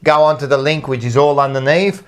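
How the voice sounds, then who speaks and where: A man's voice: a little high, brisk. Man telling rambling stories. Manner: rambling anecdotal storyteller, swears freely. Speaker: podcast co-host. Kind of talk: casual chat.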